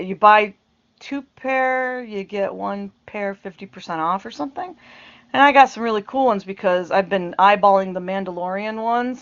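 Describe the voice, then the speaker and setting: A woman's voice: medium pitch, clean tone, lo-fi sound. A middle-aged woman talking to camera in a rambling, casual way, often breaking into laughter and trailing off into asides. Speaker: vlogger. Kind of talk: casual chat.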